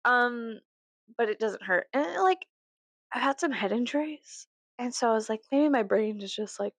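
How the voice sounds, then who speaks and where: This young woman, a vlogger with a Southern US accent, talks casually to the camera from her bedroom at a moderate pace with lively intonation. Her rambling, profane chat includes abrupt loud, high outbursts, and there's no room sound.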